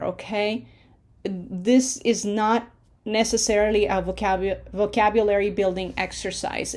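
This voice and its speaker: A woman's voice: mid-range voice, a little mellow. A woman teaching a pronunciation lesson, patient, checking in often with her students. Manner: patient, checks in with frequent "okay?". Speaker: Spanish teacher.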